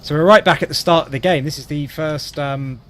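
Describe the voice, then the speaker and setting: A man's voice: a little high, a little fast, fairly bright tone, a little hiss or hum. A man from Wales chatting as a gaming streamer, reacting with disgust and cracking self-deprecating jokes. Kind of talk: casual gaming commentary.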